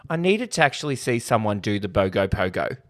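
A man's voice: lowish voice, sing-song, brisk, a bit bright. A man co-hosting a casual film podcast, joking and swearing freely. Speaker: podcast co-host.

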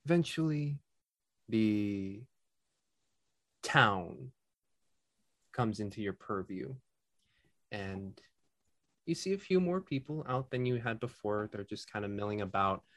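A man narrating a tabletop game as game master, relaxed and halting. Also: lowish voice.

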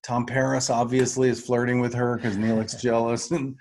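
A man's voice: mid-range voice, level tone, moderate pace, darkish tone. A middle-aged man co-hosting a podcast, talking through an episode in a thoughtful, analytical way. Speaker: podcast co-host. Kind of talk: casual rewatch discussion.

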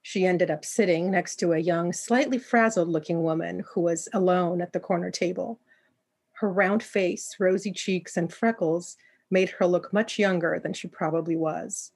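Calm woman reading a story. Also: on the low side, moderate pace, breathy edge. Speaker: narrator. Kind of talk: storybook narration.

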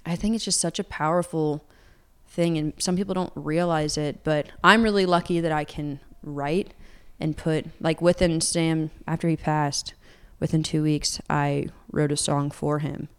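A woman's voice: low voice, steady tone, a little slow, clean tone. A woman in her twenties, a singer-songwriter from Atlanta, chatting casually in an interview, rambling with lots of fillers. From Atlanta, United States. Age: 20s.

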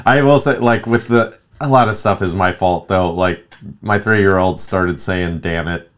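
A man's voice: deep voice, unhurried. A man in his thirties chatting casually as a podcast co-host, telling stories animatedly and acting out what others said. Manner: animated storyteller, acts out quotes. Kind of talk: casual chat.

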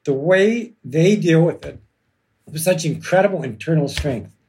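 A man, an author and lawyer, speaking reflectively in an interview with many pauses and ums. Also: on the high side, animated, darkish tone. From Canada. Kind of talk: conversational interview.

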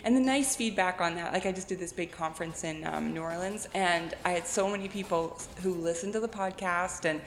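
A woman author telling animated anecdotes in a casual interview, acting out quotes and laughing often. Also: on the low side, a little fast, few pauses. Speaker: guest author and blogger. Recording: echoey room with long reverb.

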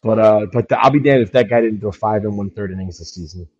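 A New man co-hosting a podcast in casual sports banter, throwing blunt, deadpan jabs. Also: on the low side, fast, husky. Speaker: podcast co-host. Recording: dull lo-fi sound.

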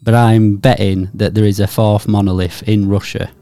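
A man's voice: fairly low pitch, little pitch movement, moderate pace, mellow, clear, resonant tone, faint music behind. A man co-hosting a podcast, rambling through jokey, mock-serious theories in casual banter. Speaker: podcast co-host.

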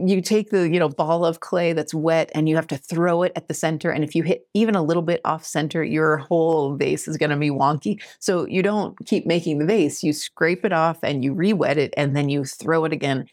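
A woman's voice: sits low, a little mellow, no room sound, clean studio sound. A woman in her thirties hosting a podcast, teaching scripture in a casual, earnest way, often laughing and acting out quotes. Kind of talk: casual scripture study talk.

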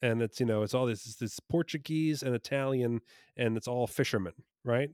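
Man from New Jersey, rambling enthusiast, mid-pitched voice, dry close sound. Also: moderate pace, a little mellow, no room sound. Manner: enthusiastic, rambling, self-correcting. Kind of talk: casual podcast chat.

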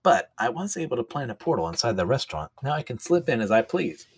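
A man voicing an excitable, self-pitying young woman, raising his voice high and sounding overwrought. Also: fast talker, creaky, slightly rough, no echo, clean studio sound, full character voice. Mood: exasperated.

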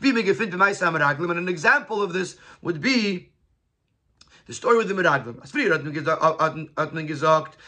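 A man's voice: on the high side, lively intonation, normal speed, sharp tone. A man teaching a Torah class, quoting Hebrew and Yiddish phrases and then explaining them in English.

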